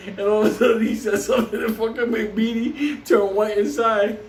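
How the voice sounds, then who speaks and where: A man's voice: high voice, steady tone, fairly quick, distant mic. A man telling a wild story in casual, profane talk, laughing often and acting out the voices of the people in it. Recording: roomy, off-mic with faint ambience.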